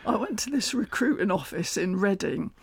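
A man's voice: sits high, sing-song, moderate pace, gravelly. An older man with a West Country accent, chatting as a radio interview guest and laughing often as he tells stories. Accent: West Country English.

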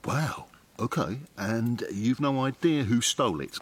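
An actor playing a calm, matter-of-fact police officer in a stage comedy. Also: male voice, mid-range voice, unhurried, a little hiss or hum, close to an everyday voice. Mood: deadpan.

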